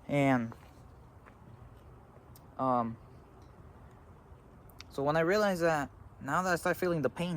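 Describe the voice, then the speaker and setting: A teenage boy telling a story to a phone camera beside a road, halting and full of fillers. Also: medium pitch. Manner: rambling, halting, with frequent fillers. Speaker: vlogger. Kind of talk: casual storytelling. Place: outdoors by a road. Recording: faint traffic noise outdoors.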